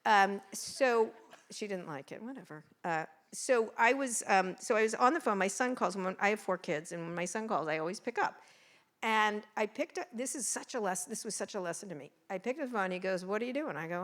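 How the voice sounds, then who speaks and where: A woman in her sixties, a journalist, telling wry, blunt stories in a talk on a live event stage. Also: medium pitch. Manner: wry, blunt, quick storytelling. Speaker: journalist guest speaker.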